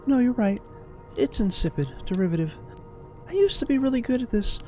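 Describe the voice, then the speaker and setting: A man's voice: very high voice, lively intonation, brisk, a little mellow, soft background music, voice pushed up. A man voicing a wistful middle-aged woman, a former romance novelist, in a dreamy, rambling, self-mocking way.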